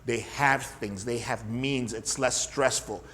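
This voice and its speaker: A man's voice: mid-range voice, steady tone, takes it slowly, a bit bright. A middle-aged man, a fitness coach and podcast host, teaching in an emphatic style with repetition and rhetorical questions. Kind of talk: energetic teaching monologue.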